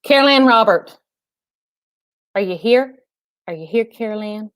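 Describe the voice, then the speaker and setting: A woman's voice: mid-range voice, expressive, a little slow, no room sound. A woman fitness trainer hosting a casual live stream, chatting and laughing with viewers and calling them by name.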